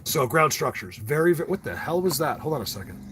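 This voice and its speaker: A man's voice: a little high, big pitch swings, a little fast, fairly bright tone, slight background noise. A man hosting a casual livestream, rambling and ranting to his viewers with frequent restarts. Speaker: livestream host.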